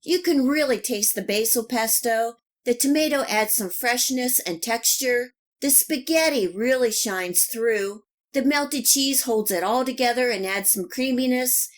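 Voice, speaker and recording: A woman hosting a cooking channel, giving calm, even, step-by-step recipe instructions in a scripted voice-over. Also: on the high side, a little slow, hardly any pauses.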